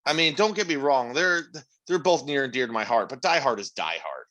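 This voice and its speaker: A man's voice: medium pitch, animated, fairly quick, sharp tone. A man co-hosting a podcast, arguing his points emphatically in casual chat with plenty of swearing. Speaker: podcast co-host.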